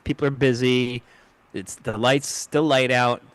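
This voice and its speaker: A man's voice: mid-range voice, fairly even intonation, unhurried, fairly bright tone, no echo. A man co-hosting a casual podcast, rambling through a jokey history rundown and fumbling names. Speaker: co-host. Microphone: home mic on a video call.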